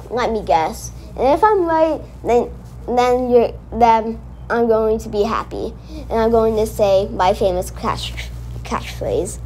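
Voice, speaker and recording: There's slight background noise as a woman with a somewhat high voice hosts a casual reaction video. She gets excited, rambles, and keeps correcting herself.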